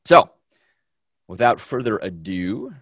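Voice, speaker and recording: Man, film teacher, lecture, chatty and energetic, lots of fillers, lowish voice, dry sound. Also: slow pace, dry recording. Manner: energetic, chatty, repeats himself, many fillers. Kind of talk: classroom lecture. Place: classroom.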